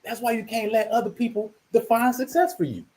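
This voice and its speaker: A man's voice: very high-pitched, steady tone, brisk, a little mellow. A man hosting his channel, delivering an emphatic, preachy commentary monologue and repeating himself for emphasis. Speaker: channel host.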